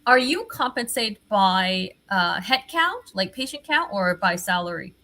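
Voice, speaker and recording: A woman hosting an interview, asking questions in an animated way, laughing and repeating phrases. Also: mid-range voice, measured pace. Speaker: interviewer host. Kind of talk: conversational interview.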